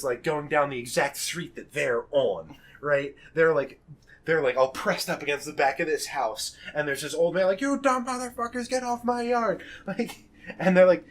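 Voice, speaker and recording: A young man with a fairly high voice spins a rowdy story in easygoing podcast chat. He laughs through his lines, swears freely and acts out each person he quotes. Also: unhurried.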